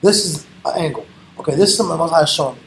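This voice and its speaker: A man in a scripture class chiming in with quick, eager remarks. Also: a little high, expressive, gravelly, a bit bright, slight background noise. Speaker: class member.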